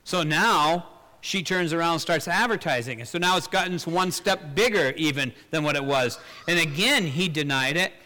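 A man preaching a sermon in an earnest way, asking rhetorical questions, swelling louder and then dropping low. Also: moderate pace. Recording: long hall reverb.

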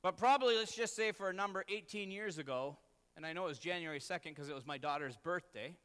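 Earnest pastor in a reverberant church. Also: male voice, high voice, quick pace, a bit bright, smooth. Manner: storytelling, earnest and self-deprecating. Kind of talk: sermon.

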